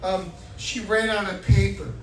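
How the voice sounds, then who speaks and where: A middle-aged man from Florida doing an animated stand-up set, acting out voices and shouting punchlines. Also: sits high, unhurried, very noisy. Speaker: stand-up comedian. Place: comedy club stage. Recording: echoey club recording from far off, crowd laughter. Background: audience laughter.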